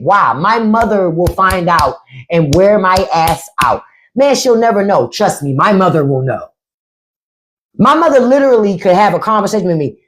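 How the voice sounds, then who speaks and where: Her voice medium in pitch and her speed normal, a middle-aged podcast host tells stories on a live stream. The telling is casual and profane, with animated, acted-out quotes.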